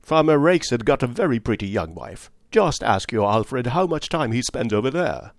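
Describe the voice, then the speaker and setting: A man voicing a brusque, blunt middle-aged spinster who speaks in curt, forceful bursts. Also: medium pitch, sing-song, normal speed, no echo, studio quality. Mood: indignant.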